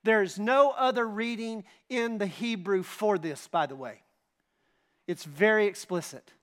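A high-pitched male pastor delivers a sermon at an unhurried pace. He retells scripture emphatically and dramatically, putting rhetorical questions to the congregation.

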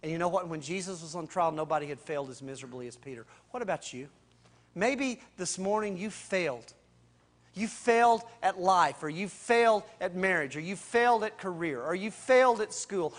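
A man preaching a sermon in a conversational, slangy way, swinging between loud and hushed. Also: high-pitched. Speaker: pastor.

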